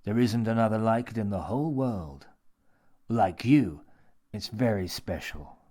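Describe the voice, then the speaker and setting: A man's voice: lowish voice, a little slow, warm tone. A man doing a coaxing, menacing mad old man. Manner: smooth, coaxing, lecturing.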